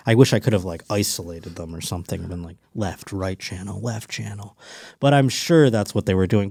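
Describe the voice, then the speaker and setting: A man hosting a comedic podcast alone, riffing in an animated, profane way and slipping into mock voices. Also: fairly low pitch, no echo, studio quality. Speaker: podcast host.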